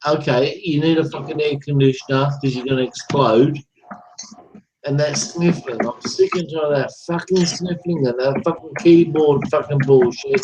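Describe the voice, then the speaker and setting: A man's voice: a little high, normal speed, a little mellow, a little hiss or hum, poor audio. A man ranting in an online voice chat room, taunting a rival with repetitive profane gloating over a computer microphone. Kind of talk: angry taunting rant.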